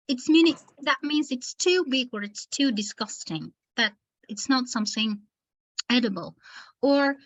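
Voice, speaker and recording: Speaking slowly and deliberately, a woman teacher trainer runs an online lesson for teachers, pausing between words to mark where the stress lands. Her voice is high-pitched and expressive, though the recording sounds muffled.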